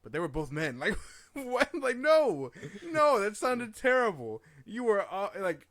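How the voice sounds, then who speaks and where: Animated young man on a film podcast. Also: high-pitched, unhurried, no room sound, clean studio sound. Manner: animated, laughs often, mocking impressions. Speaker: podcast co-host. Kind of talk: casual film chat.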